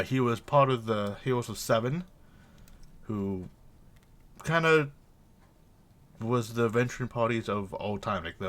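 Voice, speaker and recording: A man's voice: fairly low pitch, fairly bright tone. A man narrating a tabletop game as game master, loose and searching, with many fillers.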